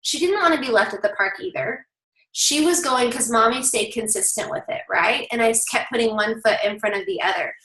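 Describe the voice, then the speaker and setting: A woman in her thirties leading her team on a video call, telling a story with lively energy and talking straight to her listeners. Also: a little high, fairly quick, roomy sound, poor audio. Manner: animated storytelling, addresses listeners directly. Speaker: team leader.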